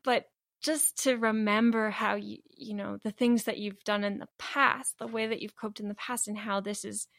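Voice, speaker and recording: A woman's voice: medium pitch, fairly even intonation, normal speed, a bit bright, no echo, clean studio sound. A woman talking candidly in a casual conversation, laughing often and restarting her sentences.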